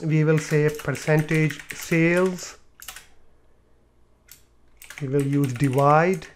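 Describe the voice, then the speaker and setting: Male tutor, higher-pitched, talks through each click plainly, light typing in background. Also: fairly even intonation, slow pace, a little hiss or hum. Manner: explains step by step with fillers and repeats. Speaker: tutorial presenter. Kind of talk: screen-recorded software tutorial.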